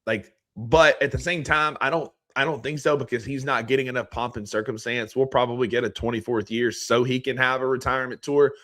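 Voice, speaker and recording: A man co-hosting a sports podcast in casual chat, steady and agreeable, often murmuring along. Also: medium pitch, brisk, hardly any pauses, no echo, clean studio sound. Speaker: podcast co-host.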